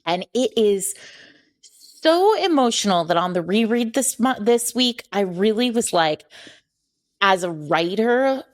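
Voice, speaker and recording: A woman's voice: medium pitch, expressive, measured pace. A woman co-hosting a podcast, chatting casually about books and retelling a story with frequent self-corrections. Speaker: podcast co-host. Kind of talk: casual book-discussion chat.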